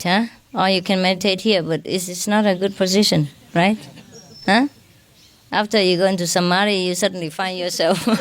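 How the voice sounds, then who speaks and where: A woman spiritual teacher giving an informal lecture, chatty and self-mocking, often ending phrases with a questioning "huh?". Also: mid-range voice. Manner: self-mocking, joking about her broken English.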